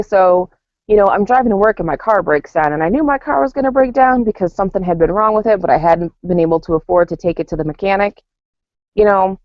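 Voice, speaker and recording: Podcast co-host, woman, animated casual storyteller, dry dull lo-fi recording. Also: fairly low pitch, no room sound. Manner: animated storytelling with acted-out quotes and laughter. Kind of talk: casual chat. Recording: dull lo-fi sound.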